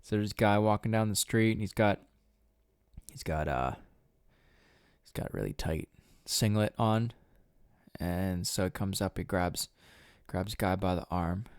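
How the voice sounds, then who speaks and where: A young man hosts his own podcast in a low, smooth voice, speaking unhurriedly with frequent pauses. He rambles casually, swears a lot, and laughs at his own jokes. The recording is clean studio sound with no room echo.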